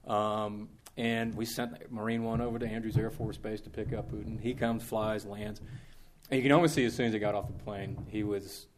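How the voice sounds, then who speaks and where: A man telling an anecdote to a live audience in a conversational, animated way, acting out the quotes. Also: fairly low pitch, normal speed, noisy background. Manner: animated, conversational, with frequent restarts and acted-out quotes. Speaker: speaker recounting diplomatic experiences.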